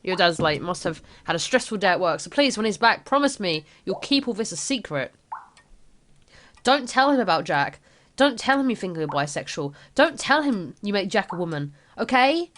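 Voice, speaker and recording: A woman's voice: medium pitch, big pitch swings, moderate pace, a bit bright, a little hiss or hum. A woman voicing a worried, controlling middle-aged mother as she reads a game's dialogue aloud. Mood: pleading. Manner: reading game text aloud in character.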